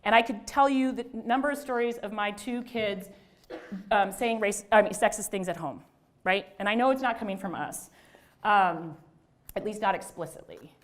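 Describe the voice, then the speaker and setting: A woman's voice: medium pitch, moderate pace. A middle-aged woman, a religious studies scholar, giving a conversational lecture to an audience, with self-deprecating asides and restarts. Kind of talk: lecture talk to a live audience.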